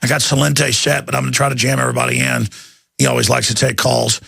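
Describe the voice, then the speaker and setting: Gravelly, intense talk radio host. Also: male voice, medium pitch, little pitch movement, sharp tone. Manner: intense, rapid, urgent ranting with mocking asides. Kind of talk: fiery talk radio monologue.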